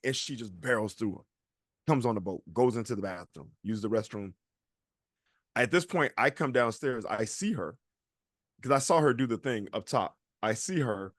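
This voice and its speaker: A man's voice: lowish voice, lively intonation, normal speed, no room sound, studio quality. A man co-hosting a podcast, telling a long story in a casual chat and acting out the people he quotes. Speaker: podcast co-host.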